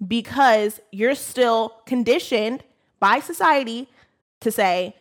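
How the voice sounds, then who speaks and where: A woman's voice: mid-range voice, moderate pace. A woman making her case firmly as a guest in a casual podcast discussion. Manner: emphatic, argumentative.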